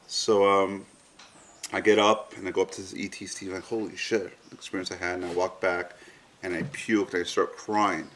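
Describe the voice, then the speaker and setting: A man's voice: low voice, little pitch movement, moderate pace, fairly bright tone, slight background noise. A man in an interview recounting a personal experience frankly, swearing freely and telling it vividly. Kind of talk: candid storytelling in an interview.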